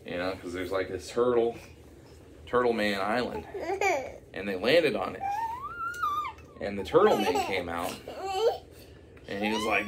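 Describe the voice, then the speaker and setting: A man's voice: fairly low pitch, expressive, normal speed, long pauses, heavy background noise. A man improvising a silly story, rambling with many fillers and asides.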